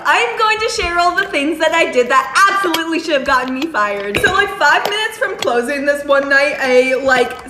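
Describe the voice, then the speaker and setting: A woman telling a casual storytime, chatty and playful, mimicking customers. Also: sits high. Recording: echoey room with noisy background.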